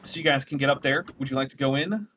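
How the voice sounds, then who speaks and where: A man running a tabletop role-playing game, narrating scenes and rules in a relaxed, rambling way, often correcting himself. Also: mid-range voice, fast, slight background noise. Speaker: game master.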